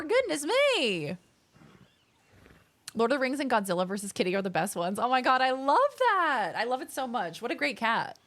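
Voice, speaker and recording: A young woman streaming a game, chatting casually and gushing excitedly with her viewers. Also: sits high, moderate pace. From Australia. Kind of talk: casual live-stream chat.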